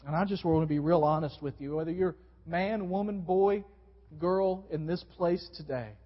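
A man preaching a sermon to his congregation, with wide swings in pitch and volume. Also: normal speed. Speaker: pastor. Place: church sanctuary. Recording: dull recording in a long-reverb hall.

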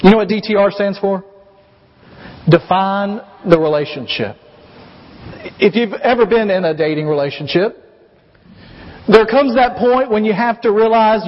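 A man preaching a sermon as pastor, telling the story in an animated way and acting out voices. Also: high voice. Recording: muffled recording with long hall reverb.

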